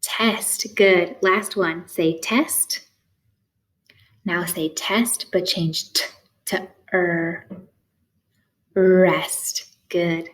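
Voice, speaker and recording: A woman teaching a phonics lesson to young learners. She gives slow, clear prompts, pauses for answers and offers steady praise. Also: fairly low pitch.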